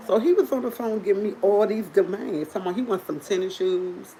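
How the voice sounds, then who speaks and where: A woman hosting a livestream, telling a funny story to her viewers in an animated, chatty way and laughing often. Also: mid-range voice, fairly quick, few pauses, a little hiss or hum, low-quality recording. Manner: drinks coffee while talking. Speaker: livestream host.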